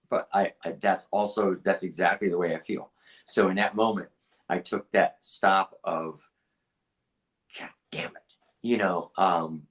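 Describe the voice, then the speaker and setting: A man co-hosting a casual fight review podcast, blunt and profane, restarting his sentences often. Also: sits low. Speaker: podcast co-host, artist.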